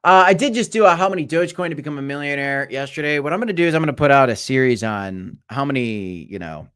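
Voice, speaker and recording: A young man hosting a casual crypto livestream, talking in a rambling, animated way that swings between loud and quiet. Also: medium pitch, fast talker, smooth. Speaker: crypto show host. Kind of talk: casual livestream market chat.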